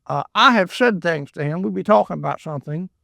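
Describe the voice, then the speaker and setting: A man's voice: sits high, lively intonation, fairly quick, gravelly, pushed and bright, no echo. A man teaching a Bible book verse by verse in a folksy, rambling way, often repeating words and adding asides. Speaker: preacher.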